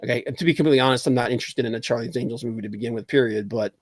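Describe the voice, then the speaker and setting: A man hosting a casual livestream talk show, animated and opinionated, reading chat comments aloud. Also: mid-range voice, rapid-fire, dry recording, studio quality. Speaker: podcast host.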